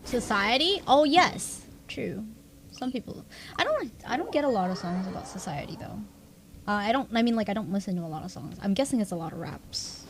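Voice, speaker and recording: A woman's voice: medium pitch, lively intonation, a little fast. Young woman streaming, rambly and self-deprecating, laughs a lot, bit of noise behind. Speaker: livestreamer. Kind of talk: casual stream chat.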